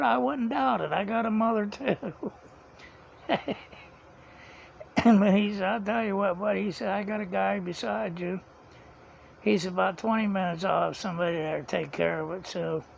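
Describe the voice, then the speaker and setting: Guy vlogging, real gravelly and kinda high, chuckles a lot, dull lo-fi audio w faint hiss. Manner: rambling, chuckles often, retells dialogue. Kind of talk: casual storytelling.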